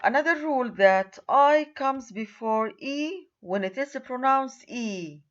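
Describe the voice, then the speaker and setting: A woman's voice: high voice, expressive, slow, a bit bright, highs cut off. A woman lecturing on a recorded university writing lesson, who repeats key words and points at examples on screen.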